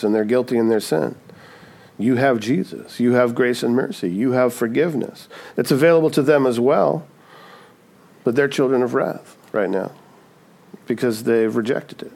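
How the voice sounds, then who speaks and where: A man's voice: medium pitch, gravelly, a little mellow. A man preaching a sermon in a conversational way, often asking "right?" and acting out quoted voices. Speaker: pastor.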